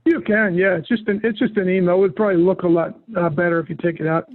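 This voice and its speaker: A man leads a software training session, talking a user through each click with relaxed, patient instructions. His voice is pitched fairly high. It comes over a tinny, phone-like call with a dry, close sound. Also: fast, no echo. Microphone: call audio.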